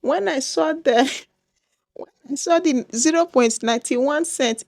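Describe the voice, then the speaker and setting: Animated Nigerian woman vlogger, high voice. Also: slow, gravelly, dry recording. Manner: dramatic, exclaiming, repeats herself. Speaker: YouTuber. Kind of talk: casual vlog talk to viewers.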